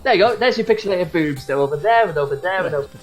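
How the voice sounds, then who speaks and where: A man's voice: high voice, animated, racing, rough recording. A man co-hosting a casual gaming podcast, bantering and chuckling. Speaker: podcast co-host.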